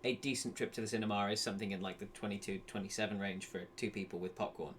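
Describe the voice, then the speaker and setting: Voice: low-pitched, steady tone, quick pace. Hesitant podcast co-host. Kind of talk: casual chat. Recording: faint background noise.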